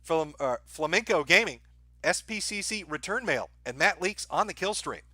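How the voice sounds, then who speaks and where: A male stream host working through viewer donation messages, reading them in a dry, offhand manner with plenty of "uh"s and crude asides. His voice sits a bit high for a man and has a bright, sharp edge. The sound is close and dead, with no room around it. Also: lively intonation, moderate pace, no room sound. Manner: crude, irreverent humor. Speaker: livestream host.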